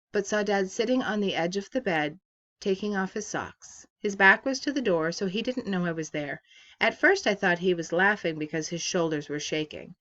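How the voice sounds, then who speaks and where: A woman teacher reading a novel aloud to her class from her office, with steady, expressive storytelling. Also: fairly low pitch, lo-fi sound.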